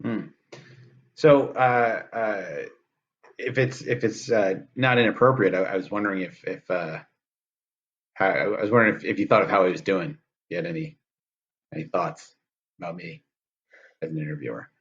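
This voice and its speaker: A man's voice: on the low side, expressive, moderate pace, long pauses, fairly bright tone. A man hosting an improv comedy interview, asking hesitant, rambling questions full of fillers. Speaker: talk show host. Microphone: video call. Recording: dull lo-fi video call audio.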